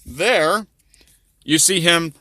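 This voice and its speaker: A man telling crude comedy stories in a rambling way, with deadpan asides. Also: on the high side, extremely slow, dry recording. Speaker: storyteller. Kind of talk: crude comedic storytelling over drawings.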